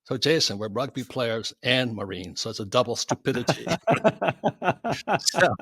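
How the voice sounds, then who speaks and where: A man's voice: medium pitch, normal speed, husky, no echo, clean studio sound. An older man, a guest, telling a story with lots of animation and laughing at himself. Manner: lively anecdote teller, laughs at his own stories.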